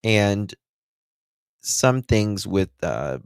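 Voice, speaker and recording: Appalachian male commentator, deep-voiced, sarcastic, dry sound. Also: very animated, extremely slow, clear, resonant tone, dry recording. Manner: blunt and sarcastic, mocking. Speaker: true crime commentator. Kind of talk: commentary reacting to interview clips.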